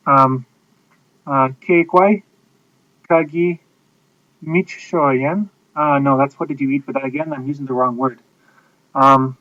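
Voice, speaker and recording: A man's voice: mid-range voice, steady tone, slow pace, long pauses, a bit bright, no room sound. A man giving a casual spoken language lesson, hesitant, with many fillers and self-corrections. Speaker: language teacher. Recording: dull, slightly lo-fi dry recording.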